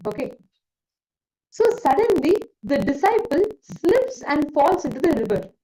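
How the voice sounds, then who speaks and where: Woman, high voice, spiritual facilitator, earnest, storytelling sermon. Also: mellow, rough recording. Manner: addresses participants by name, earnest.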